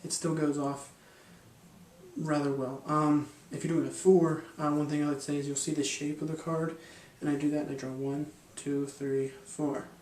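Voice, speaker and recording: A man's voice: on the high side, flat delivery, moderate pace, a little mellow, roomy sound, recorded from a distance, a little hiss or hum. A man explaining a mind-reading card technique in a loose, rambling way, with lots of fillers and restarts. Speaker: magic and hypnosis instructor. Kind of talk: casual instructional explanation.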